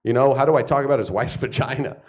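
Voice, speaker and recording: A man's voice: mid-range voice, fast. A man doing a stand-up comedy set on a club stage, telling stories with lots of swearing and acted-out quotes. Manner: profane, animated storytelling with acted quotes.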